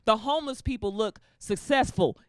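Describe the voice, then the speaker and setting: A woman comedian performing a stand-up set, with an animated delivery that swoops between character voices. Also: a little high, normal speed.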